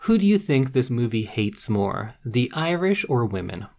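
Woman co-host, gravelly tone, dry sarcastic movie chat. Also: rumbling low, very animated, normal speed, a little mellow. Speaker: podcast co-host. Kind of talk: casual movie review chat.

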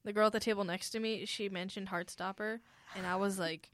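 A woman's voice: medium pitch, fairly even intonation, a little fast, background noise. A playful young woman chatting casually with friends. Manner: playful, sings and hums. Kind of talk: casual chat.

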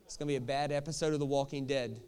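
A man preaching a sermon in a jokey, animated way, often checking in with the crowd with quick questions. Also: mid-range voice, clear, resonant tone. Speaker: pastor.

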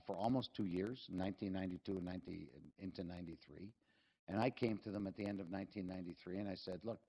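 A man's voice: lowish voice, warm tone, poor audio. An older man, a company chief executive telling rambling, self-deprecating and humorous anecdotes at a live fireside chat.

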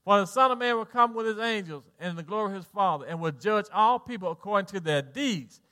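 A middle-aged man with a Southern US accent preaching a sermon as pastor, swinging between soft low lines and loud exhortation, folksy and joking with the congregation. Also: expressive, fast.

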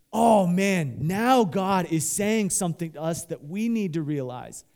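High-voiced, animated male preacher. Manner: animated preaching, leads the congregation in call-and-response; talks loosely with many fillers and restarts. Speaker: pastor. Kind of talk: sermon.

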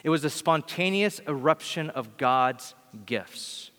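A man's voice: a little high, expressive, slow, fairly bright tone. A man preaching as a pastor, telling stories in a casual way and acting out the voices of the people he quotes. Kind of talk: sermon storytelling. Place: church hall. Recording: long hall reverb.

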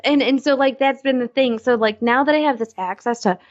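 A woman co-hosting and producing a podcast, chatting in a rambling, excitable way and acting out what people said. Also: high-pitched, fairly quick, highs cut off. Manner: rambling, excitable storyteller who acts out quotes. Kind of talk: casual chat.

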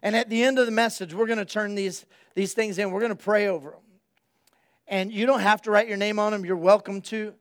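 A male pastor giving an energetic, conversational sermon and speaking straight to his congregation. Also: sits high, brisk.

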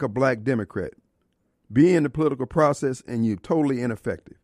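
A man's voice: mid-range voice, huge pitch swings, a little fast, darkish tone, no echo, clean studio sound. A man hosting a talk radio show, delivering a fired-up political monologue and live ad reads. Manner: impassioned, preachy, colloquial, shifts into live ad reads. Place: radio studio. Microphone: studio microphone.

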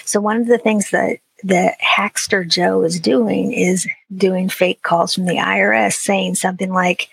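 A woman's voice: medium pitch, little pitch movement, a little slow, vocal fry, hardly any pauses, slightly rough, no echo, low-quality recording. A woman talking as a podcast guest in casual conversation, chatty and full of "you know" fillers as she acts out little scenes.

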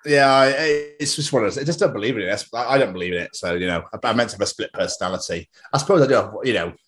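A man's voice: fairly low pitch, animated, racing, a bit bright. A man from England chatting casually on a podcast, sweary and jokey, often breaking into laughter. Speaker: podcast co-host. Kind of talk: casual chat. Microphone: wireless headphones.

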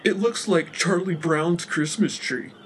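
A man's voice: a little high, a little slow, fairly bright tone, a little hiss or hum. Man playing a brash, teasing inspector with a slack drawl. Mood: mocking. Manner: mocking, surfer-ish drawl. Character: joking male inspector, cackling, brash.

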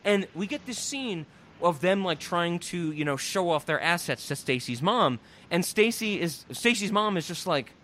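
A young man on a podcast, recapping a movie in casual comedic chat, swearing, laughing and acting out the characters. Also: high voice. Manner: animated, profane, laughing, acts out characters in quick voices. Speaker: podcast host reviewing a movie.

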